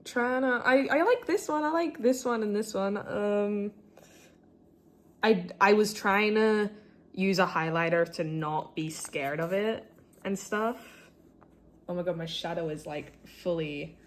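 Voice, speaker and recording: A woman's voice: mid-range voice, unhurried. A teenage girl from Australia talking casually about her sketchbook, full of "like" and "um", self-deprecating, with squeals of delight over her favourite characters. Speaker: artist showing her sketchbook. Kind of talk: casual chat.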